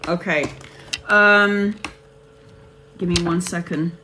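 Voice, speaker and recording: A woman's voice: lowish voice, fairly even intonation, slow pace, pauses often, a bit bright, a little hiss or hum. A woman hosting a live tarot reading, chatting casually with viewers and calling them honey and babes.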